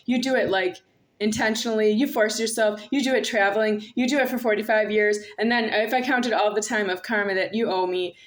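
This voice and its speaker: Brief: woman, somewhat high voice, solo vlog, repetitive confrontational monologue. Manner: repetitive, confrontational, addresses an unseen "you". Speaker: vlogger. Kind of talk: rambling monologue to camera.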